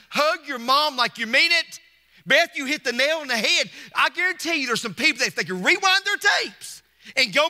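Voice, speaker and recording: A man preaches with emphatic repetition and rousing call-outs. His voice is high and very bright, swinging widely in pitch. The sound rings with the long reverb of a church hall. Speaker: pastor. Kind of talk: Mother's Day sermon. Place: church sanctuary.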